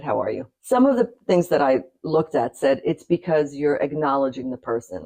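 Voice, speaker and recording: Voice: mid-range voice, a little mellow, poor audio. A middle-aged vlogger from the United States, talking casually to camera in a chatty, rambling way with asides and light laughter.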